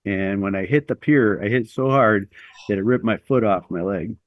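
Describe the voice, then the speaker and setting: A man's voice: on the low side, moderate pace, highs cut off. A middle-aged man telling a long personal story as an interview guest, rambling and self-deprecating with lots of fillers.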